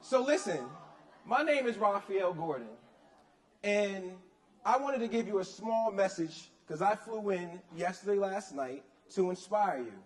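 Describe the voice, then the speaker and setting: A high-voiced man delivering a rousing motivational speech at a youth conference. He pushes his lines with energy and keeps calling on the audience to repeat key words back to him. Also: animated, unhurried, rough recording. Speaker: motivational speaker. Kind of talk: motivational speech with call-and-response. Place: conference stage.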